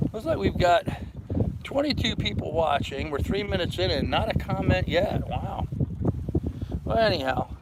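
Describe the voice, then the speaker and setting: An older man chatting casually on a live stream from his sailboat, rambling along and greeting viewers by name. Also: fairly high pitch. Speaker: vlogger doing a live stream. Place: aboard a sailboat. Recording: loud wind noise on the mic. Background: wind and boat ambience.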